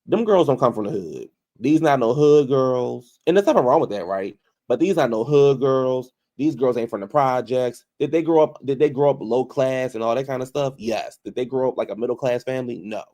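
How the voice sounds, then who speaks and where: A man's voice: medium pitch, expressive, normal speed, few pauses, warm tone. A man giving casual commentary, repeating phrases for emphasis and calling out people directly. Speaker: commentary vlogger.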